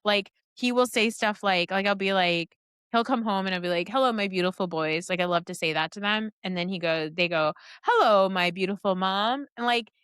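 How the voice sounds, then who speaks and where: A middle-aged woman chatting as a podcast guest, telling lively family stories and acting out quoted lines. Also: medium pitch, brisk, clean tone, dry recording, clean studio sound. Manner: animated storytelling with quoted voices. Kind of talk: casual chat.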